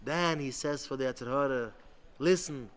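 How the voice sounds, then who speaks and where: A man, a rabbi giving an impassioned sermon, halting with many restarts. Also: high-pitched, lively intonation, a bit bright, a little hiss or hum. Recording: long hall reverb.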